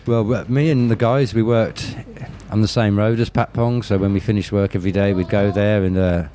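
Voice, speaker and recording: In an interview, a Birmingham man tells unvarnished stories with profanity and lots of restarts, his accent clearly Birmingham English. The voice sits on the low side, warm and steady, a little fast, with slight noise in the background.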